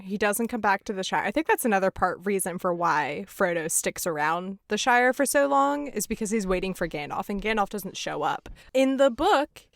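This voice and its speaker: A woman hosting a podcast, chatting casually and laughing through quick asides while recapping a film. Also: medium pitch, fairly bright tone, no echo, studio quality. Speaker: podcast host.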